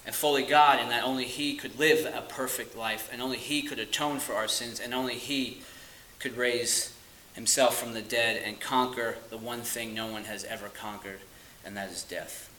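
A man preaching a sermon, earnest and emphatic, stressing key phrases slowly and dropping to quiet asides. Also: medium pitch, steady tone, echoey room, slight background noise, poor audio.

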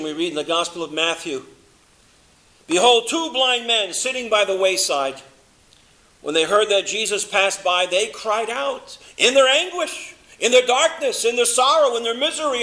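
A man preaching a sermon, swinging between loud emphasis and a low, hushed delivery, slowing down to stress words.

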